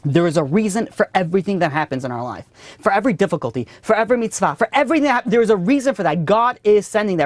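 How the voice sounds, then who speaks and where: A man's voice: sits high, dry recording. A man teaching a class as a rabbi, telling stories animatedly and often repeating and restarting his phrases. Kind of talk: storytelling Torah lesson.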